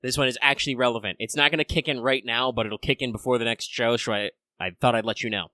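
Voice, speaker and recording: A man's voice: mid-range voice, steady tone, fast talker, bright, forceful tone, dry recording. A man hosting a casual podcast chat, rambling with lots of fillers, a bit under the weather. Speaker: podcast host.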